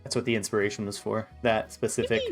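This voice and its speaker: A man's voice: on the low side, steady tone, fast talker, over music. A man running a tabletop game as game master, easygoing with his players and setting the scene in narration.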